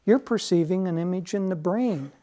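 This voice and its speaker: A know-it-all neuroscientist corrects everyone, as a man puts him on. The voice sits a little higher and louder than his own, condescending and lecturing. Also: moderate pace, a little hiss or hum, close to an everyday voice.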